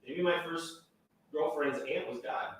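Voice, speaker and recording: A man's voice: on the high side, unhurried, fairly bright tone. Dry-joking man in an echoey room. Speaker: livestream co-host. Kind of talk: casual livestream chat.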